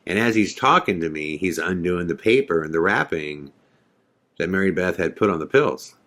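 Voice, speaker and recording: A man's voice: low voice, animated, normal speed, a bit bright. A man hosting a podcast, telling a story in a casual, rambling way with many fillers. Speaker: podcast host.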